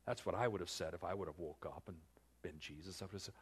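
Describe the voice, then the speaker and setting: A male pastor preaching a sermon in an animated storytelling manner, full of filler words. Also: sits low, quick pace, breathy edge.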